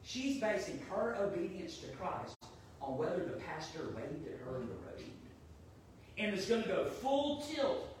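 A man's voice: high voice, recorded from a distance, a little hiss or hum. Man preaching in an echoey hall. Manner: conversational, storytelling, animated when quoting. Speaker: pastor. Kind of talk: sermon.

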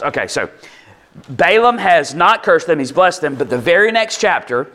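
A man gives a sermon in an easy, conversational way. His voice sits a little high for a man. He breaks off into asides and brings quoted lines to life. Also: sing-song, normal speed, pushed and bright. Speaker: pastor.

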